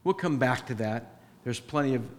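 A man's voice: mid-range voice, expressive, normal speed, a little hiss or hum. Guy giving a chatty sermon in a church, voice rings out with a long echo, acts out bits of dialogue. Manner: conversational, acts out dialogue with his wife. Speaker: pastor. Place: church with a sound booth. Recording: reverberant church hall.

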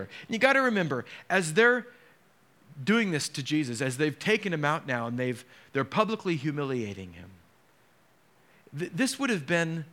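A man preaching a sermon as a pastor, emotional and dramatic, dropping to hushed tones and rising again. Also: fairly high pitch.

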